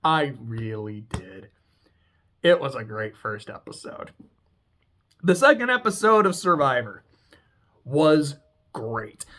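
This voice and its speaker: A speaker casually recapping a TV episode, excitable and profane, laughing often. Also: mid-range voice, unhurried, long pauses. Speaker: TV show reviewer.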